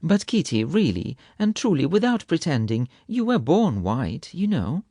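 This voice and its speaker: A man's voice: fairly high pitch, big pitch swings, measured pace, warm tone, no echo, studio quality, pitched above the performer's own voice, heavily acted. A man voicing an earnest little girl who questions a talking kitten with polite doubt. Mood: puzzled.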